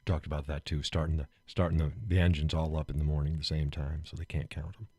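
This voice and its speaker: A man's voice: rumbling low, level tone, fast talker, darkish tone, husky, dry recording. A man hosting a live stream, chatting casually, joking, laughing often and getting worked up as he rants.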